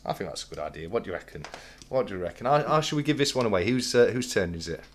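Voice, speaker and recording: Giggly low-voiced man, rambling chat. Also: big pitch swings, rapid-fire. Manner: chatty and giggly, rambling with fillers. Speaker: livestream co-host. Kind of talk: casual livestream chat.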